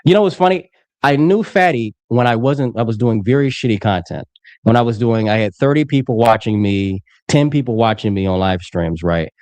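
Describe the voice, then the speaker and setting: A man's voice: medium pitch, expressive, normal speed, a little mellow, no echo. A man in his twenties arguing heatedly in a live-streamed debate, aggressive and profane, talking over the others. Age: 20s. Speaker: political commentator.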